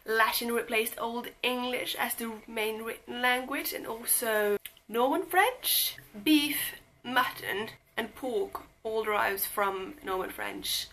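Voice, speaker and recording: A woman's voice: fairly high pitch, slow pace, a bit bright, rough recording. A young woman giving a casual, rambling book talk to camera, chatty and self-deprecating, with lots of fillers. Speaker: book vlogger.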